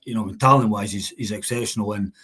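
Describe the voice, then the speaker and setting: A man co-hosting a football podcast, talking quickly with lots of "you know what I mean". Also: on the low side, a bit bright, husky. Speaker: podcast co-host. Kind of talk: casual football podcast chat.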